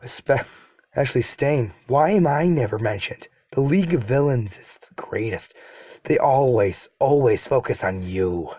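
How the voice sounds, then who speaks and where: A man voicing a scheming, resentful young male villain in a fan story, speaking low and slow with menace. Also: lively intonation, mellow, no room sound, studio quality. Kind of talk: casual read-aloud of fan story.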